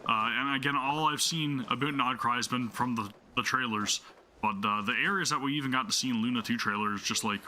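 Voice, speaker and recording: Bright-voiced rambling gaming host. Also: male voice, medium pitch, fairly quick, slight background noise. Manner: rambling, full of fillers and restarts; enthusiastic. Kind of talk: casual gameplay commentary.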